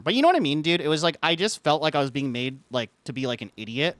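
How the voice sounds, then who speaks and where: Rambling streamer man, fairly high voice. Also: animated, fast talker, fairly bright tone, no echo. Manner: rambling, says "like" constantly; frustrated ranting. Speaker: live streamer. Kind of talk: casual chat.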